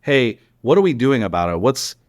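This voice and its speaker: A middle-aged man from Texas chats as a podcast guest, telling long stories with lots of restarts, asides and fillers. His pitch sits at an ordinary middle level. The recording is close and dry, with no room sound. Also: moderate pace, no echo. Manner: animated, rambling anecdotes with many restarts and fillers. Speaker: founder and CEO of a local news company, podcast guest. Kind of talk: casual conversational storytelling.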